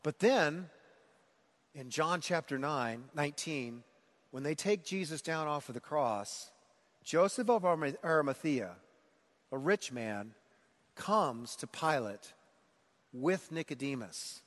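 Animated male pastor preaching in a hall. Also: a little high, slow, long pauses. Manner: animated, builds to emphatic preaching. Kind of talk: sermon. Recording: long hall reverb.

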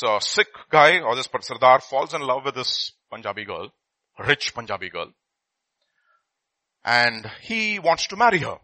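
A middle-aged man telling a story in a sermon, swinging between loud and hushed. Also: mid-range voice, no echo, poor audio.

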